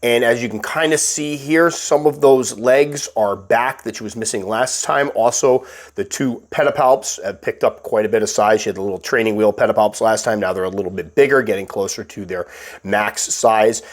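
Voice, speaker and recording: A man with a slightly stuffy voice, calmly narrating a casual update about caring for his pet tarantula. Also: lowish voice, moderate pace. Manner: calm, explanatory, patient. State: stuffy, recovering from illness. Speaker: tarantula keeper and channel host.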